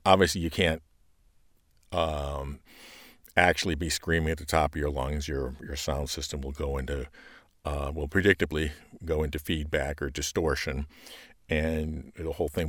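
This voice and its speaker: A man, hosting a podcast that coaches scripture readers, talking casually with fillers and breaking into loud proclaiming when he reads aloud. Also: very deep voice, no room sound, studio quality. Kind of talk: casual teaching talk.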